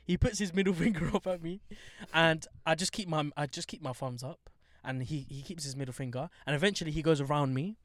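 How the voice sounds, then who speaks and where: A man's voice: on the high side, fairly quick, no echo, clean studio sound. Slangy young man telling stories. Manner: animated storytelling, heavy slang. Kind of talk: casual chat.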